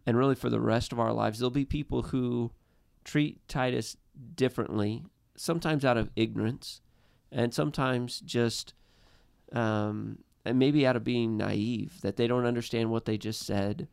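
A man in his thirties earnestly telling a personal family story, halting with frequent restarts. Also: medium pitch, fairly even intonation, vocal fry, darkish tone, clear, resonant tone, dry recording, studio quality. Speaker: guest. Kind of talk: personal storytelling in a podcast chat.

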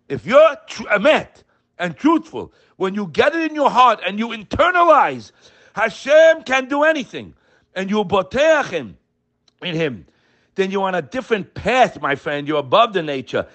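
An older man preaching with fervor, his fairly high voice swooping up and down as he presses his point. He leans on rhetorical questions and hammers key lines with emphasis. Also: very animated, moderate pace, fairly bright tone. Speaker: religious teacher. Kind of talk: sermon.

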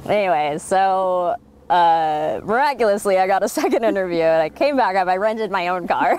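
A woman in her thirties from Oregon, telling stories in an oral history interview, animated, with frequent laughs and fillers. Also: medium pitch, normal speed, smooth. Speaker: interviewee, winemaker.

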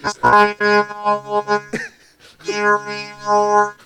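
A man's voice: high voice, completely flat delivery, slow pace, sharp tone, soft background music, voice pushed up, exaggerated voice, poor audio. A man voicing a crude, malfunctioning sex robot that insists it is a woman, through a talk box robot effect, drawling and repeating itself. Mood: crude seductive. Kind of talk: comedy improv bit. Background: synthesizer and keyboard tones.

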